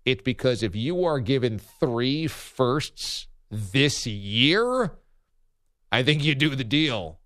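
Male sports radio host, wry and relaxed, smooth resonant voice, dry close studio sound. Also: fairly low pitch, dry recording. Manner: wry, reads listener tweets aloud with a chuckle. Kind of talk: morning sports radio talk.

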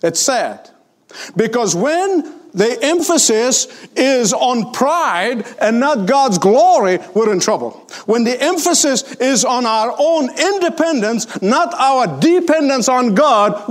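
An older man preaching a sermon, emphatic and repeating his points for weight. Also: extremely high pitch. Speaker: pastor.

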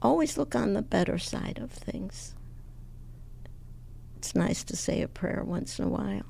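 A woman in her eighties with a squeaky voice, a guest in a radio studio telling her story slowly and haltingly. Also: lively intonation, warm tone, a little hiss or hum. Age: 80s. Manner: slow, halting, gravelly storytelling. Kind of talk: conversational interview.

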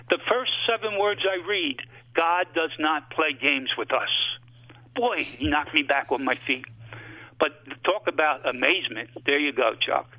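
A man, a priest guest, telling a halting and emotional personal story on call-in radio. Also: a little high. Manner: halting, emotional testimony with many fillers. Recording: phone line.

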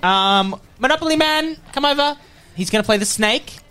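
A man's voice: very high-pitched, lively intonation, moderate pace, sharp tone, clean tone, soft background music. A man co-hosting a comedy podcast, playing an upbeat, bossy director in an improvised sketch. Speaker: podcast co-host.

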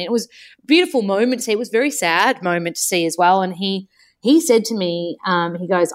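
An Australian woman hosting a podcast, telling a story in a chatty, expressive way. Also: medium pitch, a little fast. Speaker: podcast host. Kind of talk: casual conversation.

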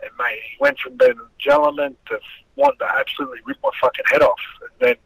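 A man's voice: extremely high pitch, quick pace, creaky, slight background noise, low-quality recording. A middle-aged man in a casual interview, telling rambling stories about his boxing past with a lot of swearing. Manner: swearing, rambling, animated storyteller. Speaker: former boxer, guest.

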